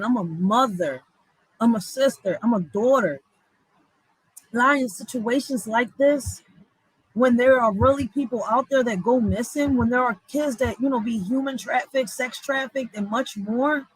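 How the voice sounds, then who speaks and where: A woman's voice: fairly high pitch, slightly rough, no room sound, rough recording. A woman commenting on news clips in a blunt, profane, heated way. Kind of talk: casual live commentary.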